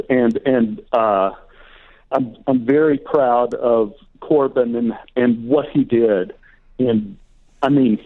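A man in his sixties, an actor and author, telling stories in a chatty way as an interview guest. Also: mid-range voice. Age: 60s. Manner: warm storyteller, chatty. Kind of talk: casual interview storytelling. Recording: tinny phone line.

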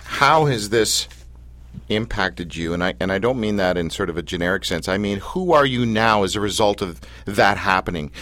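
A man's voice: lowish voice, animated, moderate pace, a bit bright. A man hosting a radio interview, probing and correcting himself as he asks questions. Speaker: radio host.

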